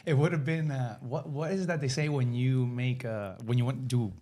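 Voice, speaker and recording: A man's voice: medium pitch, steady tone, fairly quick, mellow. A man co-hosting a podcast who chats casually, loosely, and sometimes gropes for words. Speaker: podcast co-host. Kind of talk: casual chat.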